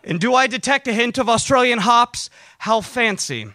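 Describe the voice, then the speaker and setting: A middle-aged man telling a comic story about himself, swinging between bitter muttering and shouted bravado. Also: extremely high pitch, animated, normal speed, no room sound. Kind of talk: live comedic storytelling.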